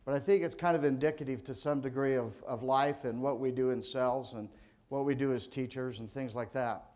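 A man's voice: mid-range voice, fairly even intonation, a little fast, darkish tone. An older man from California, an insurance agent giving a motivational speech to a sales audience in a folksy, conversational storytelling manner.

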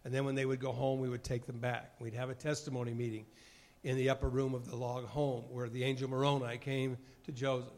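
A man's voice: medium pitch, little pitch movement, fairly quick, a little mellow. A man giving an earnest sermon, bearing testimony and acting out short dialogues from his time as a mission president, at moments choked up with emotion. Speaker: former mission president giving a devotional talk.

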